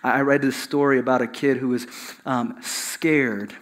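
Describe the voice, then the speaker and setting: A man's voice: mid-range voice, steady tone, normal speed. A middle-aged man preaching a sermon in a church in a conversational way, with many fillers and repeated words. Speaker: pastor.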